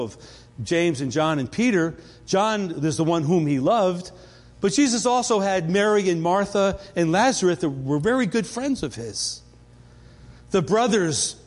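A man's voice: high-pitched, long reverb tail. A man preaching a sermon as pastor, talking in a conversational way and often restarting his sentences. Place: church.

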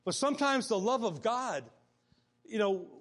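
High-voiced man preaching conversationally. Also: lively intonation, a little slow, a bit bright. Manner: conversational preaching with restarts and acted quotes. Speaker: pastor. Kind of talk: sermon.

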